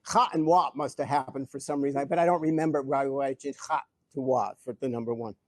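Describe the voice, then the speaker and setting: An older man answering audience questions at a live event, telling stories in an animated way, chuckling and often restarting his sentences. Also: mid-range voice, a little fast, no echo, studio quality. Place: event hall before an audience.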